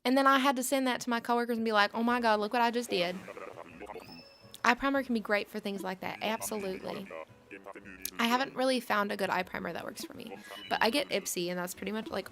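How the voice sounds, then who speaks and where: A woman's voice: on the high side, fast, music in the background. Chatty woman in her late twenties. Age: late 20s. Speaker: livestream host. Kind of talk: casual chat while gaming.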